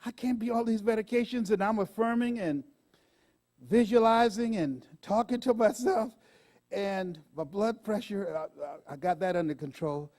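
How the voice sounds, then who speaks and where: A man in his sixties giving a live motivational speech on stage, animated and laughing often as he talks to the audience. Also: sits high, moderate pace. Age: 60s. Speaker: motivational speaker.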